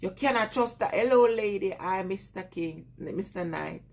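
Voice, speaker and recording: A woman's voice: mid-range voice, moderate pace, gravelly. A woman with a Jamaican accent chatting casually on a live stream, greeting viewers and laughing often.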